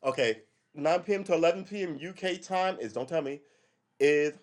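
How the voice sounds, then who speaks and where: A man's voice: a little high, animated, normal speed. A man hosts a loose live podcast and rants in a rambling, wry manner. He keeps wandering off on tangents and talks to his listeners as he goes. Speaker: podcast host. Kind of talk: casual live-stream rant.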